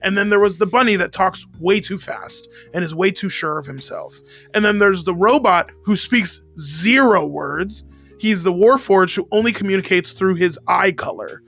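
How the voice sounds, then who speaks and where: A man's voice: high voice, normal speed, fairly bright tone, faint music behind. A man co-hosting a casual chat, agreeable and self-deprecating, laughing easily as he shares game-running tips. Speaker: podcast co-host and game master.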